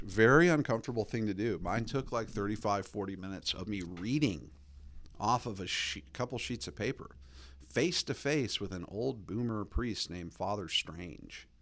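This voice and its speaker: A man in his thirties hosting a podcast, telling a casual story packed with fillers and jumping up in pitch when he acts out quoted lines. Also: a bit bright. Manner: drawling fillers like "like" and "you know". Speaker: podcast host.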